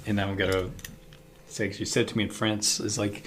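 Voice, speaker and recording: A man's voice: lowish voice, level tone, moderate pace. A man co-hosting a casual podcast chat, telling easygoing anecdotes. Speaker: podcast co-host.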